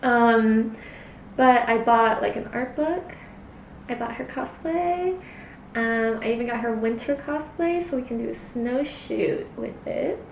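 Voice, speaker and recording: A young woman with a high, unhurried voice rambles through a casual eating chat, full of filler words. She sounds set back from the mic in a roomy space. A faint hiss sits under her voice. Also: expressive, a bit bright, recorded from a distance. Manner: rambling, filler-heavy, chatty, talks between bites. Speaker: cosplay vlogger.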